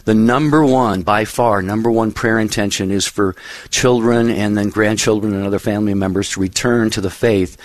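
A man's voice: fairly low pitch, fairly even intonation, dry recording. A man hosting a call-in radio show, talking earnestly and encouragingly with callers. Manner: earnest, encouraging, repeats phone number slowly.

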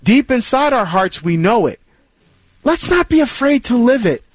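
A man's voice: extremely high pitch, sing-song, normal speed, no echo. A man hosting a Catholic call-in radio show, talking earnestly about faith with many restarts and repetitions. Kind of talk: call-in radio talk on scripture.

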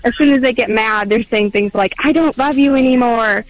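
A woman's voice: on the high side, moderate pace, no room sound, poor audio. Hesitant young mother calling in. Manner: hesitant, many fillers like "um" and "like". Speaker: caller, mother of two. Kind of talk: phone-in call.

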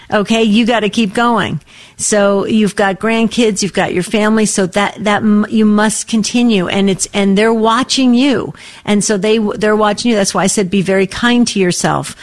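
Co-hosting a faith-based call-in radio show, a woman with a medium-pitched voice speaks gently and encouragingly to a caller.

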